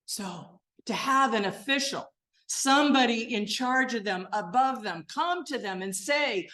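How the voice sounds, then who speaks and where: An older woman minister giving a sermon, gentle and earnest, sinking to a soft, quiet voice as she leads a guided meditation. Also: lively intonation, measured pace. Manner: gentle, earnest and softly spoken, dropping low and quiet.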